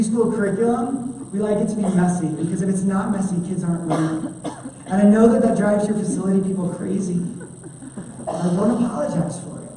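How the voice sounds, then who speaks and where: A woman giving an animated conference training talk to children's ministry volunteers, chatty and full of fillers. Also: mid-range voice, slight background noise. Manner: chatty, animated, many fillers, acts out quotes. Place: large church hall. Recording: echoey hall from far off.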